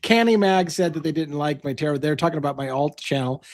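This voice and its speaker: A man's voice: a little high, quick pace. An older man co-hosting a casual live stream panel, joking and self-deprecating as he thanks viewers.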